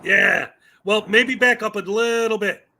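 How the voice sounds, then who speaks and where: Co-hosting a casual livestream over a call, a man with a high, pushed and bright voice speaks a little slowly, laughing a lot and cheering his partner on.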